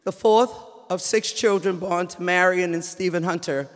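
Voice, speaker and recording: A woman in her seventies from New Orleans telling a personal story live on stage, unhurried and reflective. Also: fairly low pitch, fairly even intonation. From New Orleans, USA. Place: theater stage. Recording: live stage with long reverb.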